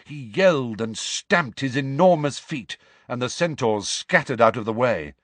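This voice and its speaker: A man narrates a story in a measured, dramatic way, taking his time over each phrase. His pitch swings widely to paint the action. The recording is close and dry, with no room echo. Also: lively intonation, a bit bright. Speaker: audiobook narrator. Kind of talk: scripted narration.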